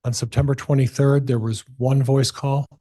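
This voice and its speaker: A man's voice: medium pitch, flat delivery, normal speed, warm tone. A man working as a defense attorney, methodically questioning a witness in a courtroom with some hesitations.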